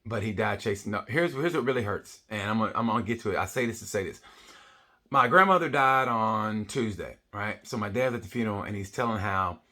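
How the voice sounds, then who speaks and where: A man's voice: fairly low pitch, expressive, fairly quick, bright, forceful tone. A middle-aged man giving a casual comedic race review, blunt, profane and rambling. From United States. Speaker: motorsport vlogger.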